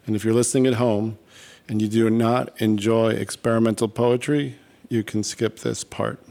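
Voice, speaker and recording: A man's voice: fairly low pitch, steady tone, normal speed, vocal fry, warm tone, slight background noise. Chatty man hosting a live stage show. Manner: chatty and self-deprecating, reading out cards. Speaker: show host. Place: stage before a live audience.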